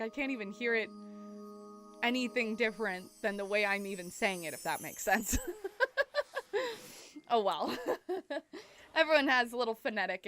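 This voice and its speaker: A woman's voice: a little high, fairly bright tone. A young woman with a Canadian accent chatting casually while streaming a game, giggling often. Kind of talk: casual gameplay commentary.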